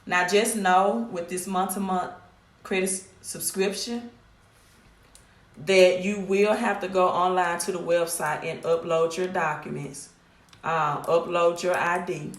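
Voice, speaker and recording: A woman's voice: on the low side, steady tone, a little slow. A middle-aged woman with a Mississippi accent, hosting a casual live stream about her credit repair business in a direct, scolding way that repeats points. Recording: echoey room.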